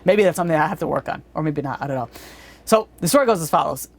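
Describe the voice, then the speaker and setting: A man's voice: on the high side, expressive, very fast, creaky. A man speaking as a rabbi at an evening Torah class. He is blunt and earnest, and he often breaks off and restarts his sentences.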